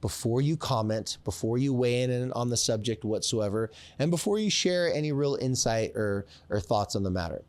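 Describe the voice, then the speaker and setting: A man hosting a therapy podcast, talking straight to fathers in an animated coaching manner and acting out little scenes. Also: mid-range voice, moderate pace, hardly any pauses, no echo. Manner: coaching, direct address to dads. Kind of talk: podcast advice talk.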